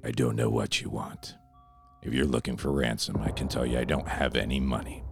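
Gravelly irish action star in his 60s, a man hamming it up, deep voice going up into shouts, faint music behind. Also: fairly even intonation, a little fast. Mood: menacing. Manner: gravelly low growl, bursts into shouts. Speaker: podcast co-host. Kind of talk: comedy sketch.

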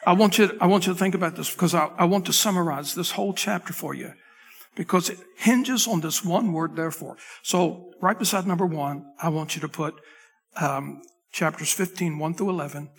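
Male pastor, slightly husky voice, chatty sermon, restarts and asides, church sanctuary with long reverb. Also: fairly high pitch, brisk. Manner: loose, chatty delivery with frequent restarts and asides to the tech crew. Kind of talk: conversational sermon. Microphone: microphone.

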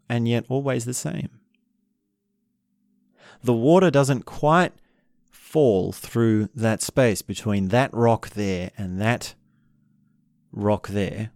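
A man calmly teaching about relationships in an unhurried, reflective way, sometimes acting out what couples say. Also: medium pitch, no echo, studio quality. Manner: calm, unhurried, acts out quoted couples.

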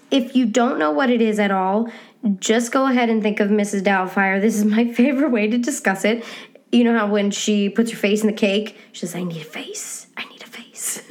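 Chatty woman teaching singing, encouraging. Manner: chatty, encouraging, demonstrates sounds with sudden high hoots. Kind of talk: casual podcast lesson.

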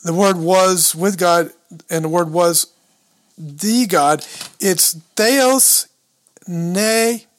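Speaking very slowly in a high-pitched voice, a podcast co-host casually unpacks a Bible passage, reading scripture and Greek words aloud, fumbling the pronunciation, and thinking aloud over his books.

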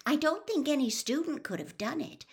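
A woman's voice: high voice, animated, voice pushed up. Hermione, a woman reading an earnest, anxious schoolgirl. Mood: certain. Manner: earnest, persuasive, quick. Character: earnest, anxious, sensible teenage girl. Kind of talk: audiobook character reading.

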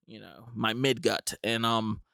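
A man's voice: lowish voice, fairly even intonation, measured pace, creaky, pushed and bright, dry recording, clean studio sound. A young man telling a comic story with wry, rambling asides. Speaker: comedian. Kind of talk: storytelling comedy monologue.

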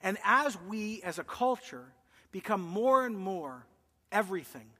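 A male pastor preaching a sermon, emphatic, swinging between loud declarations and hushed asides. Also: high voice, big pitch swings, a little slow, big-room sound. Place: church.

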